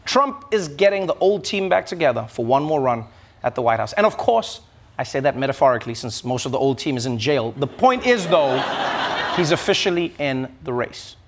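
A man hosting a comedy show, delivering a mocking, animated monologue. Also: medium pitch, normal speed, slight background noise. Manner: mocking, animated, slips into silly voices.

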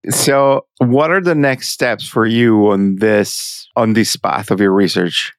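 A man hosting a podcast interview, asking questions in a measured, polite way. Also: fairly low pitch, dry recording, studio quality. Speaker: podcast host.

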